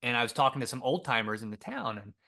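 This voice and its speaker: A man's voice: medium pitch, fast, vocal fry. A young adult man, a podcast guest and author, telling a story in a conversational way and acting out the dialogue he quotes. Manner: animated, acts out quoted dialogue.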